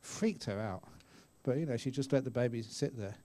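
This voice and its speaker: There's a little background noise as this Buddhist monk teacher in his 60s answers questions in a dharma talk at a meditation retreat hall. His voice sits at medium pitch and his pace is moderate. Relaxed and full of stories, he chats with listeners, laughs a lot, and sometimes acts out the voices of his characters.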